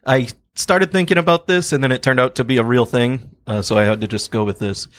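A man's voice: medium pitch, fairly quick, a bit bright, no echo. A man co-hosting a comedy podcast, telling a joke story and laughing through it. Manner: laughs through his own bits. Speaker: podcast co-host. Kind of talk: casual comedy chat.

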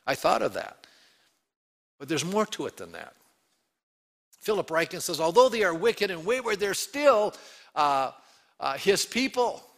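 A pastor delivering a sermon, his voice bright and forceful. He sits somewhat high in pitch and presses his points with rhetorical questions, earnest and emphatic throughout.

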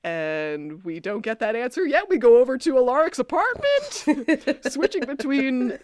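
A woman's voice: big pitch swings, unhurried, a little mellow. Chatty woman recapping with frequent laughs. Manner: chatty, laughs often, quotes characters in a lower voice. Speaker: podcast co-host. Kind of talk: casual recap chat.

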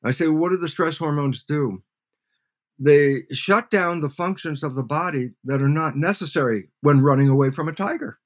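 A man's voice: on the high side, normal speed. An older man, a scientist guest in an interview, explains by acting out both sides of imagined conversations. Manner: acts out both sides of imagined dialogues, animated. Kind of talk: storytelling lecture in an interview.

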